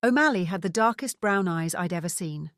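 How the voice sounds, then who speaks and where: Woman, audiobook narration, lowish voice, dry close sound, measured and wry. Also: animated, fairly bright tone, no echo. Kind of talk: first-person audiobook narration.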